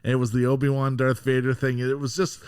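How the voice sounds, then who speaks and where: A man's voice: medium pitch, level tone, quick pace, a little mellow, smooth, no room sound, studio quality. A man co-hosting a podcast in casual chat, with a laid-back, agreeable manner and frequent laughs. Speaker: podcast co-host.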